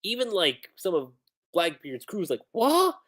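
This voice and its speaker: A woman streamer reviewing a comic in casual livestream chat, talking in an animated, slangy way and laughing often. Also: low-pitched, a little slow.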